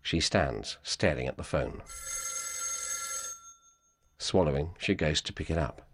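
A man reading calm, measured audio description over a film. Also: rumbling low, a little hiss or hum. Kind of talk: scripted narration.

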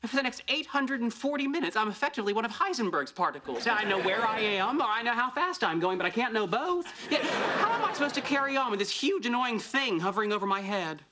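An actor playing a pedantic, self-absorbed young physicist who talks in a precise, lecturing, oblivious way in a sitcom. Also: male voice, extremely high pitch, big pitch swings, fast, few pauses, background noise. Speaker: theoretical physicist character. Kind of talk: sitcom acting. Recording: sitcom with loud audience laughter.

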